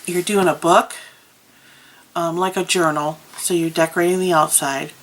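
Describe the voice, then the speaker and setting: A woman's voice: lowish voice, steady tone, moderate pace, a little hiss or hum, low-quality recording. A woman vlogger chatting casually about crafts, telling stories with plenty of ums. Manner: chatty, storytelling with many ums. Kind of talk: casual chat.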